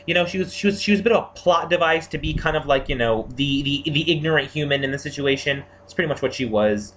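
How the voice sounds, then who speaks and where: A man giving a casual spoken review of TV characters, excitable and gushing, full of fillers and restarts. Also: fairly high pitch, quick pace, slight background noise. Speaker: TV series reviewer.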